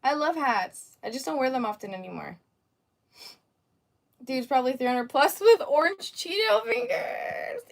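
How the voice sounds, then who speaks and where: Young woman, sassy and teasing, livestream host, slightly high voice, laughs often. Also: lively intonation, moderate pace, gravelly, pauses often. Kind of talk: casual livestream chat with viewers.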